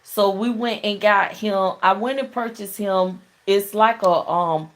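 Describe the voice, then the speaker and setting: A woman's voice: medium pitch, a little slow. A middle-aged woman hosting a casual call-in show, telling stories in a chatty way and laughing often. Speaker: talk show host.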